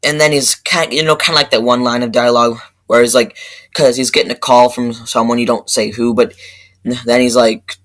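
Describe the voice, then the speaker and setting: A man giving a rambling, profane movie review rant that keeps flaring up into loud outbursts. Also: medium pitch, flat delivery, moderate pace, poor audio.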